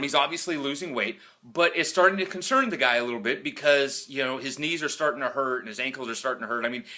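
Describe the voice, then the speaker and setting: A man's voice: medium pitch, pushed and bright. A male fitness coach telling a story in a casual, rambling vlog, with lots of fillers.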